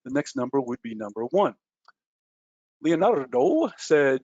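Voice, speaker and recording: A man's voice: medium pitch, very animated, moderate pace, darkish tone, no room sound, muffled recording. A man teaching a trading webinar at a whiteboard, talking loosely with lots of ums and uhs and self-mocking jokes.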